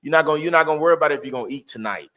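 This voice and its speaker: A man leading a Bible class, teaching in a lively, preachy way with street slang and loud exclamations. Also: a little high, rapid-fire.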